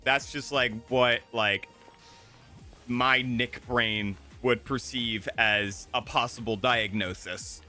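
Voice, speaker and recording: A young man chats through his gameplay with a slight lisp, piling up fillers and restarting his sentences. His voice is bright and forward. Faint music plays softly in the background. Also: mid-range voice, steady tone, slow. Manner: rambling, chatty, with frequent fillers and self-corrections. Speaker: gaming streamer. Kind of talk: casual gameplay commentary. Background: soft game music.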